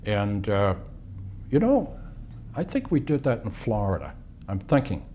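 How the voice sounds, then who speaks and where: Mellow-voiced man in his eighties reminiscing. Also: lowish voice, wildly swooping pitch, slight background noise. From Boston, USA. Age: 80s. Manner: unhurried reminiscing with pauses and restarts. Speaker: interviewee, war veteran. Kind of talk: oral history interview.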